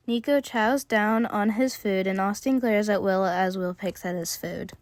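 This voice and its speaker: A woman narrating a fan story in a plain, steady way. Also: medium pitch, unhurried, few pauses, dry recording, studio quality. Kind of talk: reading a fan story aloud.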